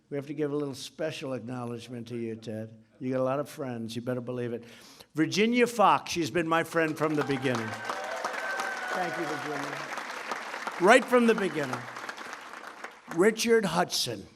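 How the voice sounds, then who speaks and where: A man giving an off-the-cuff speech at a signing event, rambling and boastful, with asides to people in the room. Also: a little high.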